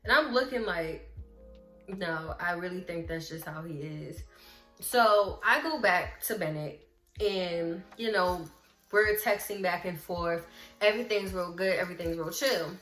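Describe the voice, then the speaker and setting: A woman vlogger telling a story in casual chat, lively, acting out what people said and talking straight to her viewers. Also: lowish voice, a little slow. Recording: roomy echo with faint music.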